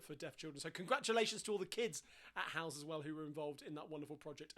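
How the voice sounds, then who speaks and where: A man with a Cockney accent hosting a live-streamed singalong from home, chatting in an upbeat way between songs. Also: high-pitched. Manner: chatty, upbeat, giving shout-outs. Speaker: singalong host and pub pianist. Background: piano.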